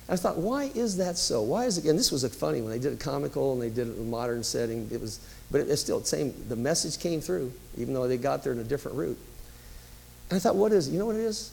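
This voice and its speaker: Male pastor, sermon, gravelly, slightly high voice, conversational storytelling. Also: a little mellow, a little hiss or hum, poor audio. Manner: conversational storytelling with emphatic rises.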